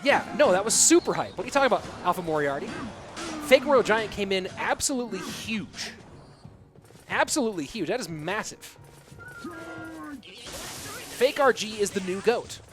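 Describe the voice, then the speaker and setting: A man calls a live game tournament with a high, bright-sitting voice, getting excited over big plays and chatting with his viewers. Music runs clearly behind him the whole time. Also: normal speed, long pauses. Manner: excitable, hyped shout-outs to viewers. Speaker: esports caster and streamer. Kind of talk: live game commentary reading chat.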